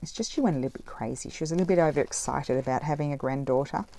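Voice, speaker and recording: A woman's voice: low voice, very fast, mellow. A middle-aged woman chatting casually while she crafts, rambling with many fillers. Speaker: craft vlogger. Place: home craft table, indoors.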